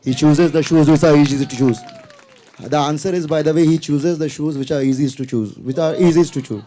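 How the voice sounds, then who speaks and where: A man's voice: on the high side, fairly quick, dark tone, slight background noise. A man, a school coordinator, confidently reciting a tongue twister at an event.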